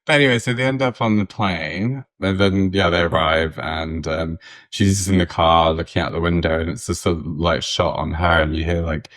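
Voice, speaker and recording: A person co-hosting a podcast, recapping a film in casual, rambling chat full of ums and likes. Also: male voice, low voice, fairly even intonation, normal speed, fairly bright tone, no echo. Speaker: podcast co-host.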